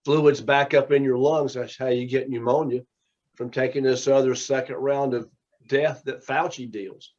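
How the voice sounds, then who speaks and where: A man's voice: mid-range voice, fairly even intonation, moderate pace, a little mellow. A man teaching a small class, talking in a rambling, conversational way as he tells stories. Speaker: teacher and minister. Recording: dull lo-fi recording.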